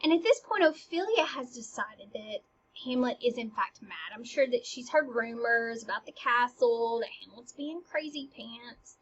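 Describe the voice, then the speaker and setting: A woman casually explaining a play scene by scene. Her delivery is animated and swings between emphatic and hushed. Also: a little high, normal speed, breathy edge, lo-fi sound.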